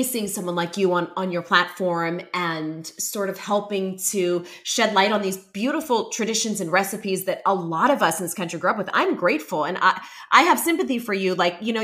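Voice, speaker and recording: Woman podcast host, mid pitch, earnest and supportive with her guest. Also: a bit bright. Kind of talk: casual interview chat.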